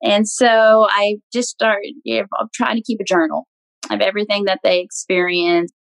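A young woman guest in a casual interview, earnest and warm, laughing often as she talks. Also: mid-range voice, steady tone, normal speed, no room sound, poor audio. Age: young adult.

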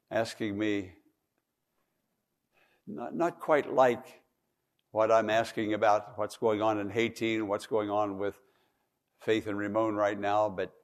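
Male pastor, slow deliberate sermon, swings from hushed to pleading. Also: lowish voice. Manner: swings from hushed to loud pleading, repeats words.

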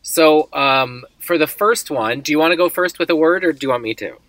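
A man's voice: on the high side, brisk, a bit bright, dry recording. A man co-hosting a casual podcast chat, joking dryly and laying out the rules of a word game. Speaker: podcast co-host.

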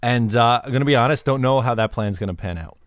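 Smooth-voiced relaxed podcast host man. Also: mid-range voice, fast talker, no room sound. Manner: relaxed, conversational, laughs easily. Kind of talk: casual sports podcast chat.

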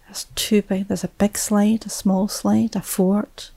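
A woman, a mother, telling a personal story in a reflective way, often dropping to a hushed whisper. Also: mid-range voice, little pitch movement, unhurried, gravelly, no echo.

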